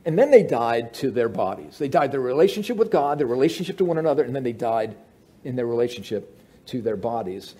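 A male pastor preaching a sermon, swinging between loud emphasis and hushed asides. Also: medium pitch, animated, fast, breathy edge.

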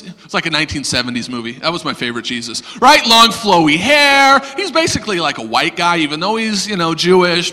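A man's voice: high voice, long reverb tail. A man preaching a sermon, telling self-deprecating stories with lots of humor. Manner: animated, self-deprecating storyteller. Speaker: pastor.

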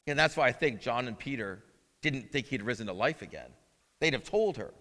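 A man's voice: medium pitch, big pitch swings, brisk, sharp tone. A male pastor preaching a sermon in a conversational way, asking the listeners questions as he goes. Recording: long reverb of a large hall.

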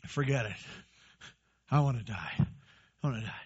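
Guy putting on a whiny dramatic prophet, low and mumbly, dull lo-fi sound. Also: fairly even intonation, fairly quick, lightly acted. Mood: despairing. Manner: petulant, melodramatic. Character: sulky, self-pitying adult male prophet.

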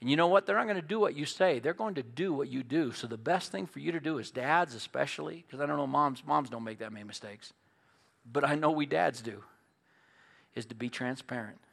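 A middle-aged man preaching a sermon as pastor, folksy and storytelling, moving between loud emphatic points and quiet earnest asides. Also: medium pitch, brisk, gravelly.

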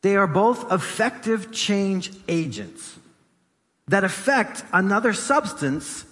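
A man's voice: high voice, lively intonation, slow, a bit bright. A man preaching a sermon as pastor of his church, emphatic and repeating phrases for stress. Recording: long hall reverb.

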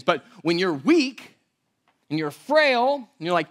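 Animated, high-pitched male preacher. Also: moderate pace. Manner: animated, conversational preaching with frequent "right?". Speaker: pastor. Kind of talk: sermon.

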